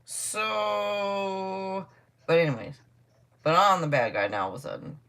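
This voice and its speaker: A woman's voice: mid-range voice, very animated, unhurried, creaky, fairly bright tone. A middle-aged woman giving a live tarot reading in a casual, blunt, chatty way, swearing freely and laughing often. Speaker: tarot reader.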